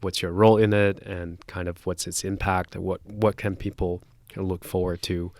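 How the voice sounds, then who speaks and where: A male host with a very low, flat voice asks relaxed questions in an interview. He chuckles now and then as he talks. The sound is dry and close. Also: moderate pace, no room sound. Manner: laid-back questions, chuckles. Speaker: podcast host. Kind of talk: casual interview talk.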